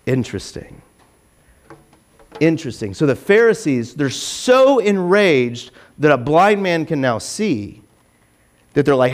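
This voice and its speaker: A pastor giving a casual, conversational sermon in a church, chatty and animated, acting out the voices of the people in his stories. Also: a little high, unhurried, pauses often. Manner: chatty and animated, acts out quoted voices, self-deprecating asides.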